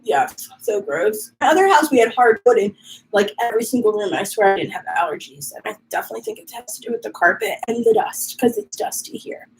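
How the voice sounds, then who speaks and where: A woman's voice: on the high side, very animated, a little fast, creaky, rough recording. A woman hosting a casual live stream from her home, chatting and reading viewer comments aloud while dealing with allergies and a runny nose. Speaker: livestream host.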